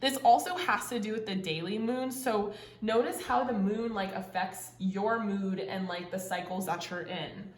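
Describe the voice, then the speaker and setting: A woman's voice: medium pitch, unhurried. A young woman giving a casual, emotional tarot reading to her viewers, gushing and swearing freely, with lots of "like" fillers. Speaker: tarot reader. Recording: roomy echo.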